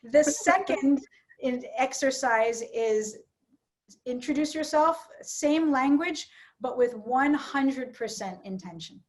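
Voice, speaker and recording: A woman teaching public speaking in an online workshop, coaching participants with encouragement. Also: high-pitched.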